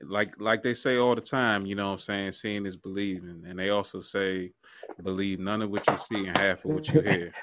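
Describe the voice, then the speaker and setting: A man hosting a podcast, wrapping up the episode in a relaxed, laid-back way. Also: deep voice, moderate pace, heavy background noise. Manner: relaxed, laid-back, chuckles between phrases. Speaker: podcast host. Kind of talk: casual podcast outro.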